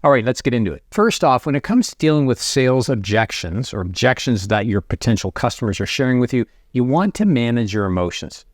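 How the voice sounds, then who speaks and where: A middle-aged man coaching sales to camera, conversational and energetic, acting out sample lines to prospects. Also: medium pitch, brisk, hardly any pauses, no echo, clean studio sound. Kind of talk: direct-to-camera coaching talk.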